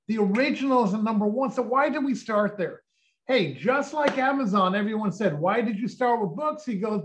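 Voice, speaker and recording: A man in his sixties giving an energetic sales pitch on a video call, firing off rhetorical questions and acting out quotes. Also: poor audio. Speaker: company co-founder presenting.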